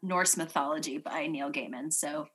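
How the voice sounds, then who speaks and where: A woman's voice: low-pitched, moderate pace, a bit bright, breathy edge. A woman from the United States co-hosting a podcast, chatting casually and laughing often. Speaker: podcast co-host. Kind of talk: casual chat.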